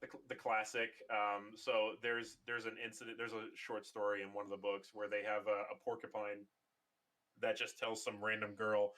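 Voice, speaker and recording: A man's voice: on the low side, completely flat delivery, normal speed, bright, forceful tone. A young man hosting a podcast, chatting casually and rambling with lots of fillers. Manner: rambling, many fillers, acts out quotes. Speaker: podcast host. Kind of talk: casual chat.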